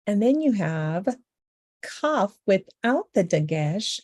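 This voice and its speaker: A woman's voice: mid-range voice, very animated, slow, warm tone, no room sound, studio quality. A woman teaching a beginner language lesson, patiently saying each letter sound several times over.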